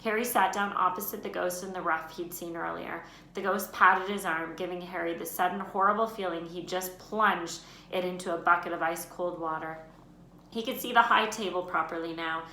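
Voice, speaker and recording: Brief: expressive woman teacher reading aloud, bright and slightly low, in a roomy space. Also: normal speed. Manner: expressive, lifts her voice for names and shouts. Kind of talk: children's book read-aloud. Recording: roomy room echo, faint noise.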